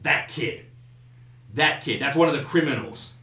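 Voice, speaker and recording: A man voicing a belligerent drunk in a diner who shouts accusations at strangers. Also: lowish voice, big pitch swings, moderate pace, echoey room. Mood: angry. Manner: loud, accusing, slurring rants.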